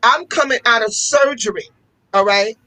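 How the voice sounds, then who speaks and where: A woman's voice: on the high side, moderate pace, sharp tone, no room sound, rough recording. A woman who runs a fashion school, speaking as an interview guest and telling stories with passion, often repeating herself for emphasis. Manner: passionate storytelling with repetitions. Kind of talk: casual interview talk.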